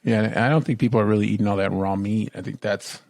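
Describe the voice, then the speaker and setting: A man's voice: on the low side, steady tone, fast, gravelly, a little mellow, no room sound. A man co-hosting a casual podcast chat, playful and joking around. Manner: playful, jokey, slips into put-on voices. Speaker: podcast co-host.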